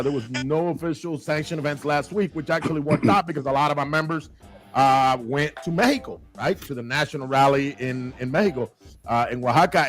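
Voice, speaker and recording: A man hosting a casual livestream, greeting viewers with lively shout-outs and dropping in Spanish phrases. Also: medium pitch. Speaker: show host.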